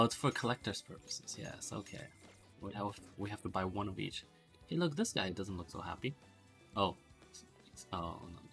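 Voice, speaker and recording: Tired guy streaming a game, gravelly creaky voice, rambly fake-professor vibe, bit of game music behind. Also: lowish voice, fairly bright tone. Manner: rambling, mock-professorial, laughs often. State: sleep-deprived. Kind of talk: casual live-stream game commentary.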